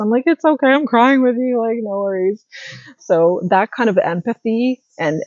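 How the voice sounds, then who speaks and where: A woman's voice: lowish voice, darkish tone, no room sound, muffled recording. A woman in her thirties talking casually to camera as a spiritual wellness creator, chatty and rambling with many fillers and restarts.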